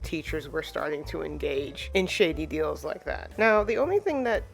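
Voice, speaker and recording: A reviewer recapping a manga chapter in a relaxed, rambling way, with many filler words and short acted-out character lines. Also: mid-range voice, moderate pace, gravelly, soft background music. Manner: rambling, full of "you know" and "like" fillers; acts out characters' lines when retelling.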